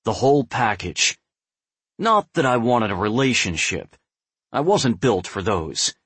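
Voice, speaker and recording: A young adult man narrating a first-person novel in a measured, brooding way. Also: mid-range voice, big pitch swings, fairly bright tone, breathy edge, no echo. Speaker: audiobook narrator.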